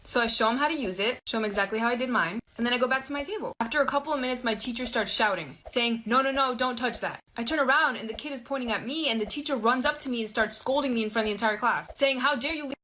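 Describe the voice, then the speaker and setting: A woman's voice: a little high, poor audio. Chatty young woman telling a storytime. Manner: chatty and expressive, quick asides to viewers. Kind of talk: casual storytime narration.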